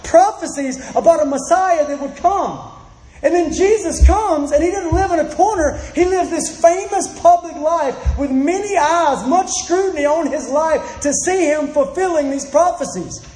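A man preaching a sermon with real urgency, his voice sitting unusually high for a man. He repeats phrases for emphasis and slips into the voices of the people he quotes. The sound bounces around an echoey room. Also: moderate pace, a little mellow. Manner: earnest pleading delivery, acts out quoted voices, repeats phrases.

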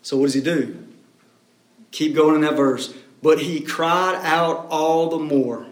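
High-voiced preacher in an echoey room. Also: male voice, lively intonation, normal speed. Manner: dramatic, swings between hushed and loud. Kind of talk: expository sermon.

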